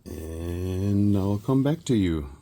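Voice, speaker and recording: A man from South Texas chatting casually while he works, a rambling storyteller who often clears his throat. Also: low voice, animated, takes it slowly, mellow. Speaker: resin crafting vlogger.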